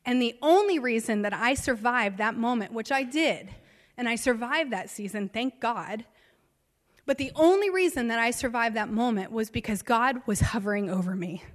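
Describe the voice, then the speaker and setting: A woman's voice: fairly high pitch, animated, moderate pace. Woman preacher in a reverberant hall. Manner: personal storytelling, emotional swings. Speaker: pastor. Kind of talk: sermon. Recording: long reverb of a large hall.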